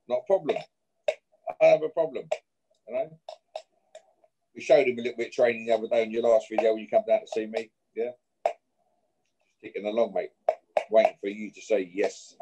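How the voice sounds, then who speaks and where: A boxer in an interview throws down a confrontational challenge to a rival, ending each point with "yeah?" His medium-pitched voice is warm and husky, fairly quick but broken by frequent pauses. Audio quality is poor.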